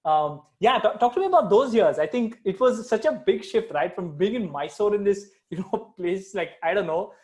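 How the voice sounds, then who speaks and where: A man's voice: high voice, lively intonation, normal speed, hardly any pauses, a little mellow. A man in his thirties hosting a podcast interview, asking questions with hesitant, repeated words. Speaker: podcast host. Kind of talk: interview conversation.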